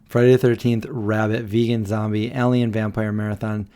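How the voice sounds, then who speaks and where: A man's voice: fairly low pitch, little pitch movement, normal speed, dark tone, smooth. A tired man hosting a late-night livestream, rambling and answering viewers as he reads their messages aloud. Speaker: livestream host. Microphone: desk microphone.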